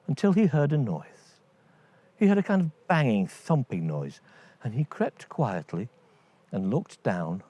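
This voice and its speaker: A man tells a children's fairy tale at an unhurried pace. His pitch rises and falls a lot as he narrates. The sound is dry and close. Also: husky, no room sound. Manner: lively, voices each character. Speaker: storyteller. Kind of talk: scripted bedtime story narration.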